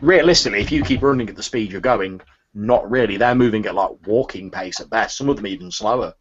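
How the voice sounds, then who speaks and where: A man's voice: lowish voice, fast talker. A man narrating as game master, describing scenes with small restarts. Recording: lo-fi audio.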